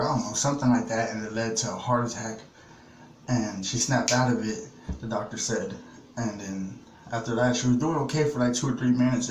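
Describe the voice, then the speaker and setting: A young man casually telling a personal story to his vlog audience, rough and plain-spoken, with lots of fillers and swearing. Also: lowish voice, a little hiss or hum. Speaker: vlogger. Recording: echoey room, faint ambience.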